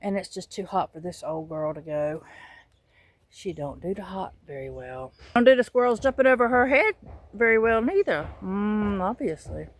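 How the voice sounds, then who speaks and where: A woman's voice: medium pitch, moderate pace. A woman with a Southern US accent giving a casual, joking tour of her backyard garden, filmed on a handheld phone. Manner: animated, joking, chatty, swings from muttering to loud exclamations. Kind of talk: casual chatty vlog. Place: outdoor backyard garden with chickens.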